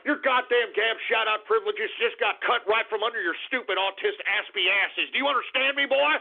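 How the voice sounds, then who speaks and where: A man's voice: high voice, fairly quick, vocal fry, full character voice. A man playing a hot-tempered old radio host and war veteran, who launches into explosive, cursing tirades at his listeners. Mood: furious. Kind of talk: comedic radio character rant. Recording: tinny phone-like call-in radio line.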